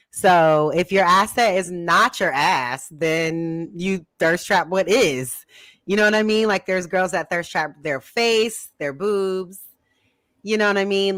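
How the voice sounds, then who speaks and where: A woman's voice: lowish voice, a bit bright, no room sound. A young woman in a casual podcast chat who laughs often and leans on fillers. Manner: laughs often, fillers like "you know what I mean".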